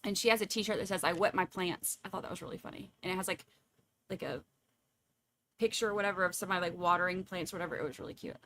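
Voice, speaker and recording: A woman's voice: fairly low pitch, fast talker, pushed and bright, slight background noise. A woman, chatting casually and laughing as she reads viewer comments at home. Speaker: livestream host.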